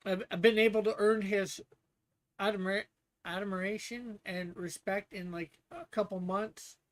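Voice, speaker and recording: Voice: mid-range voice, fairly even intonation, measured pace. Rambling casual streamer. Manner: rambling, with restarts and laughs. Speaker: streamer hosting a guessing game. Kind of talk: casual livestream chat.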